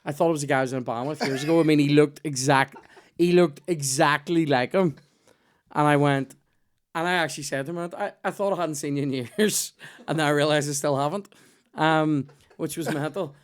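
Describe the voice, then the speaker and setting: A man's voice: fairly high pitch, fairly even intonation, a little fast. Sweary Belfast man telling stories. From Northern Ireland. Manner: sweary, rambling storytelling. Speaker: podcast host. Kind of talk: casual chat.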